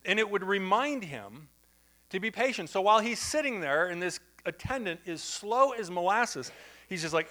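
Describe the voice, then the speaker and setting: A man preaching a sermon in church, telling a story in a conversational, animated way with asides to the congregation. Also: high-pitched, normal speed. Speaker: pastor.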